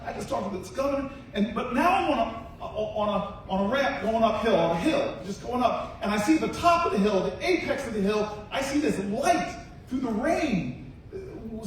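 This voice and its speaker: A man giving a rousing political speech at a rally, telling a story that swings from hushed to shouted calls to the crowd. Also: very high voice, distant mic, slight background noise. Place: large university hall with a crowd. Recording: echoey hall, mic heard from afar.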